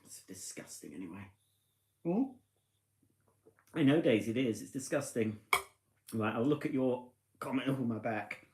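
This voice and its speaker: A man's voice: medium pitch, measured pace, long pauses, a little mellow. A tipsy man chatting casually on a live stream from his living room, rambling and poking fun at himself. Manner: rambling, chatty, self-mocking. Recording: echoey room.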